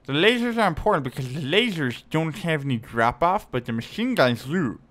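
A man's voice: on the high side, big pitch swings, brisk, a bit bright. A man putting on a stereotypical cartoon nerd voice, explaining a point in a know-it-all way. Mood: lecturing.

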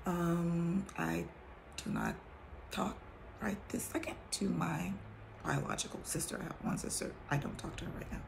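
A woman in her forties gives a slow, casual faith talk. Her low voice has a gravelly edge and swings widely in pitch as she reads a verse and comments on it candidly. A faint hiss sits behind her. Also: a little mellow, poor audio. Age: 40s. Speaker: vlogger sharing testimony.

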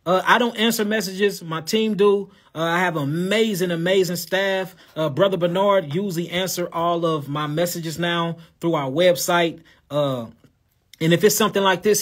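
A man from St. Louis with a St. Louis accent and a lisp, casually answering viewer questions on a live show. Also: on the high side. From St. Louis, USA. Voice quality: lisp on s sounds. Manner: casual, addresses viewers as y'all and God. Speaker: herbal health host.

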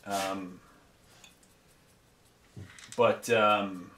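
A man's voice: on the low side, steady tone, very slow, bright, forceful tone, reverberant. A man hosting a miniature painting video, talking casually while he paints and rambling with many fillers and self-corrections.

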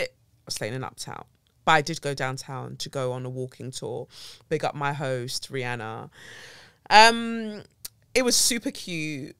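A woman's voice: low-pitched, expressive, a little slow, a bit bright, clear, resonant tone, dry recording. A woman with a London accent hosting her own podcast, chatting casually and animatedly, exclaiming and swearing freely, into a studio mic at home. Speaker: podcast host. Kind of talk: casual solo podcast chat.

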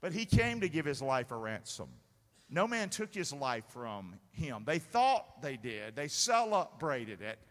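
Bright-voiced pastor preaching. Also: male voice, medium pitch, measured pace. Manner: energetic, calls for congregation responses. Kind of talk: sermon. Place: large church sanctuary. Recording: long hall reverb in church.

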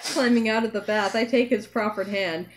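A woman reading a novel aloud in steady, wry narration, breaking off for joking asides. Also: mid-range voice, normal speed. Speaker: reader.

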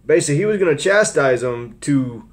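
A man's voice: on the high side, lively intonation, fairly quick. A man giving informal commentary on a scripture reading, rambling, with frequent restarts and fillers. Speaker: Bible teacher.

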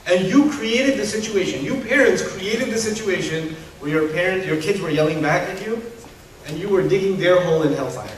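A man preaching a sermon to parents, animated and humorous, acting out parents and kids. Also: sits high, moderate pace. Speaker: Muslim preacher. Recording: roomy hall echo from a distance.

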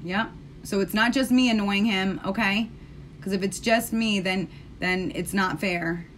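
A woman's voice: medium pitch, fairly even intonation, a little slow, slight background noise. An American woman hosting a casual live stream while doing her makeup, chatting sassily with her viewers. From United States. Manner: chatty, sassy, talks straight to viewers.

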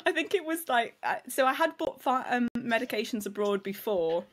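A woman's voice: on the high side, very animated, normal speed. A woman, an expedition medic, chatting casually on a podcast, laughing often and acting out quotes.

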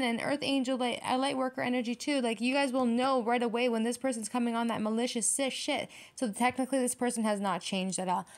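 A woman reads tarot cards aloud to her viewers in a fast, blunt rush. Her voice sits a little high, and she swears freely and repeats herself as she talks straight to the audience. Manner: blunt and profane, heated; fast, repetitive, direct address to viewers. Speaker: tarot reader. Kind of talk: tarot reading monologue.

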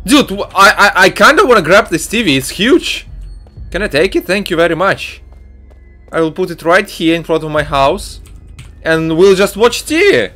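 A young adult man giving excitable, jumpy let's-play commentary full of shouts and exclamations. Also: a little high, normal speed, long pauses, faint music behind. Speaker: gaming YouTuber.

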